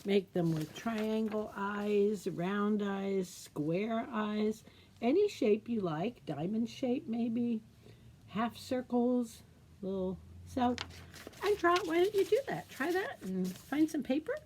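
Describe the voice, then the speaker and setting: A middle-aged children's librarian, animated but slow and mid-range in voice, demonstrates a craft at storytime with a bit of hiss or hum in the recording. She talks gently and teacherly in a sing-song style and asks the kids questions.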